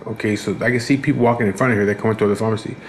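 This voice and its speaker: Racing along in a lowish voice with a steady tone, a vlogger tells a profane, meandering story about his day. He sounds worn out and fed up, restarts frequently, and slight background noise is audible.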